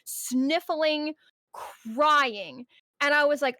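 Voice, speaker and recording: A young woman streamer talks casually with a high, light voice. She tells animated stories and swears freely. The sound is dry and close, with no room around her. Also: normal speed, dry recording. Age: young adult. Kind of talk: casual chat.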